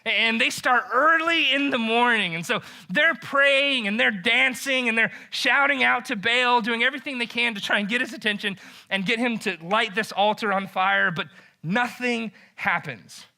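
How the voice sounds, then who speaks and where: A male pastor with a fairly high voice and a very bright, sharp tone. He retells a scripture story like a casual chat, animated and joking, with "like" dropped in all the time. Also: moderate pace, creaky. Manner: animated and joking, heavy use of "like".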